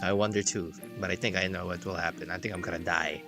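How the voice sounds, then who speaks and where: A man's voice: low-pitched, steady tone, quick pace. A man streaming a game, chatting playfully and rambling in a self-mocking way. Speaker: VTuber streamer. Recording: game music playing behind.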